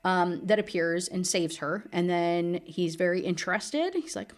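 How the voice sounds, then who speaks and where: A woman's voice: on the low side, expressive, a little slow, hardly any pauses. A woman giving a casual, sarcastic book recap, full of fillers. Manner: chatty, filler-heavy, sarcastic. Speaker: book reviewer.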